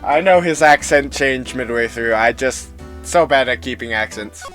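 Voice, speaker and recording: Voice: medium pitch, normal speed, a bit bright. A game dubber making casual self-deprecating asides. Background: music.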